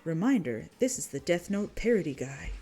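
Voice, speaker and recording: A woman's voice: sits low, big pitch swings, moderate pace, dark tone, faint music behind. Casual woman streamer reading a game. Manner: casual, swearing, self-mocking. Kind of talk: casual game read-through commentary.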